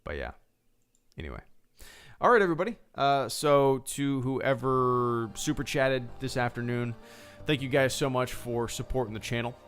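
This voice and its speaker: Male streamer, mid-pitched, loose rambling chat, casual swearing, soft music underneath. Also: animated, normal speed. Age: adult, a father. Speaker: live stream host.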